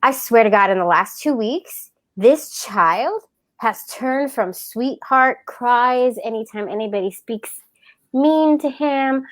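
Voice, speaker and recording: A lively woman in her thirties co-hosting a casual podcast. Her voice sits a little high and she tells family stories with animated energy, mimicking her child's voice as she goes. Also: slow pace. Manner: animated storytelling, laughs often, acts out her toddler. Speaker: podcast co-host. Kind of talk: casual chat.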